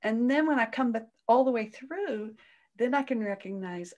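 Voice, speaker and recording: Her voice soothing and her intonation lively, this woman speaks at a normal speed as a parenting coach being interviewed. She takes an explaining tone, and her pitch leaps sharply when she performs other people's words.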